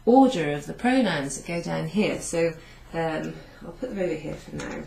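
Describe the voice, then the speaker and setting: A woman's voice: sits low, lively intonation, moderate pace, gravelly, mellow, slight background noise. A woman teaching a beginners' language class, explaining step by step with fillers. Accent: British. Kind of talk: classroom lesson at a whiteboard. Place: class room in a venue. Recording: echoey room.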